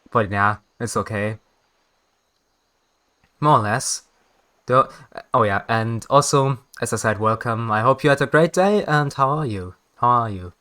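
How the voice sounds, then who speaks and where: A man's voice: medium pitch, lively intonation, a little slow, pauses often, pushed and bright. A man streaming a video game, chatting casually with viewers, often laughing and correcting himself. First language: German. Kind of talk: casual game stream chat, reading dialogue aloud.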